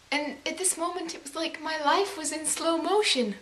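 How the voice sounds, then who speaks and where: A young woman with a high voice tells a story in a lively, dramatic way, swearing freely and breaking into yells. A faint hiss sits under the recording. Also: moderate pace. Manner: dramatic, animated storytelling with swearing and bursts of yelling. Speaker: vlogger. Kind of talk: casual storytelling.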